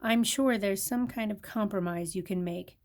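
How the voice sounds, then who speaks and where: Older woman doing a gentle female redbird, storybook, soft, sweet, soothing, mid-pitched. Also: normal speed, natural voice.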